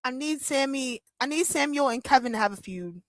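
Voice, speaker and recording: A young woman with a high voice reacting live as she hosts a watch-along stream. She talks excitably, squeals and breaks into laughter. The sound is dry and close, with no room around it. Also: fairly quick, dry recording. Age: young adult. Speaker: livestream watch-along host.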